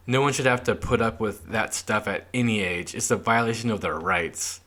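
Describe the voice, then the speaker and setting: A man's voice: on the low side, moderate pace, a bit bright. A young man co-hosting a podcast, casually chatting and reading old newspaper clippings aloud with a loose, filler-heavy delivery. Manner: laid-back, reads clippings aloud with lots of "like". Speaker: podcast co-host. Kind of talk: casual chat.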